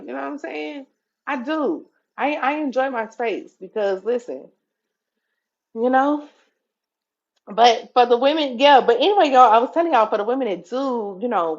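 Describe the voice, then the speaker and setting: A woman's voice: fairly high pitch, muffled recording. A woman hosting a live stream, talking casually and profanely to her viewers and calling them y'all. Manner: animated, profane, talks straight to viewers with "y'all". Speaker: TikTok live host.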